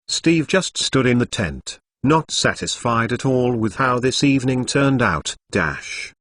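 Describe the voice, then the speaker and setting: A man reading a story aloud as scripted narration in an even, synthetic manner. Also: medium pitch, a little slow, no room sound, clean studio sound.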